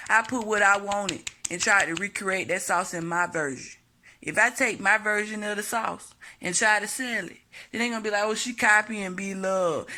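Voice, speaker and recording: A woman's voice: medium pitch, sharp tone. A woman vlogging a blunt, profane opinion monologue to camera, hammering her points home by repeating them.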